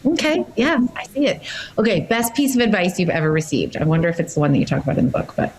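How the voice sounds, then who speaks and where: A woman's voice: on the low side, sing-song, fast talker, darkish tone, slight background noise, low-quality recording. A woman hosting a podcast interview, asking upbeat questions and giggling often. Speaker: podcast host. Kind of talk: casual interview chat.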